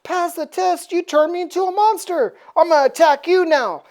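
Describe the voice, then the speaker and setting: A woman's voice: high voice, unhurried, darkish tone, pitched above the performer's own voice. A woman voicing a tormented, angry winged male mutant in a comic recap, with an indignant raised voice. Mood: anguished.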